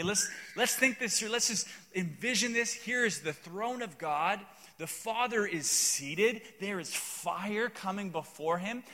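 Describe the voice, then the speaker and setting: A man with a high, bright, forceful voice preaches a sermon and spins a funny story with playful asides. His words ring out with a long reverb, as if in a large church hall. The delivery stays animated and jokey. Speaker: pastor.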